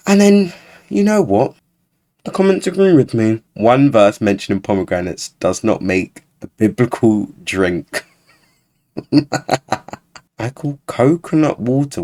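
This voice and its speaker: A man talks through a reaction video in a casual, sarcastic way. His voice sits a little low and he sounds openly exasperated. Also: a little mellow. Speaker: YouTuber.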